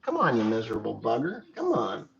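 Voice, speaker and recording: A middle-aged American farmer tells rambling, jokey stories on his livestream in a chatty way. His gravelly, medium-pitched voice swoops wildly and moves a little fast, with crowd noise behind him. The lo-fi recording sounds dull and carries faint noise.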